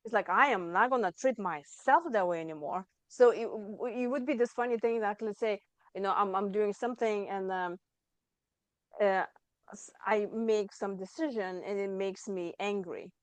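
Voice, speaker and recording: A woman hosting a podcast interview, talking in a reflective, casual way with halting restarts. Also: medium pitch, dry recording. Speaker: podcast host.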